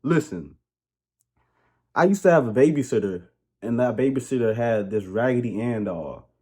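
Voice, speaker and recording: A man giving a casual comedic movie review, rambling, joking and ranting in an animated way. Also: mid-range voice, normal speed, slightly rough.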